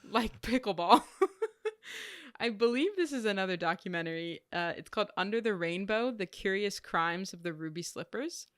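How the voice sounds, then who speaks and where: A young woman co-hosts a movie podcast in easy, chatty talk, teasing her partner. Her voice is mid-pitched and sits close to the mic in a dry room. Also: very animated, moderate pace, a bit bright, no echo. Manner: chatty, laughs often, teasing. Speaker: podcast co-host. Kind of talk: casual chat.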